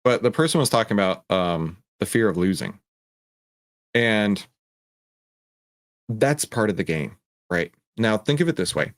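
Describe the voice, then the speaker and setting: Animated man talking on a livestream. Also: lowish voice, measured pace, pauses often, no room sound, studio quality. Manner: animated, digressive, self-interrupting. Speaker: host. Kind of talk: casual livestream talk.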